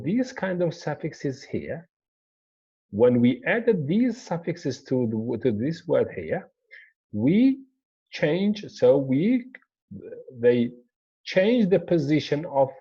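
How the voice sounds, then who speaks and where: A man teaching English word stress in a slow, repetitive lecture, pointing things out as he explains. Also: medium pitch, warm tone, slightly rough, lo-fi sound. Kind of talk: classroom lecture.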